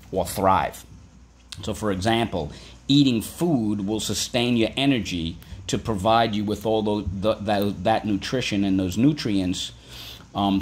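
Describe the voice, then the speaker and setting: A male teacher giving a patient vocabulary lesson for children, spelling words out and asking the class to repeat them. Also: deep voice.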